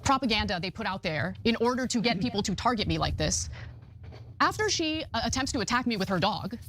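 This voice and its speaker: A woman's voice: on the high side, lively intonation, fairly quick, a bit bright, slight background noise. A woman in a recorded video, telling her story in an emphatic, aggrieved way.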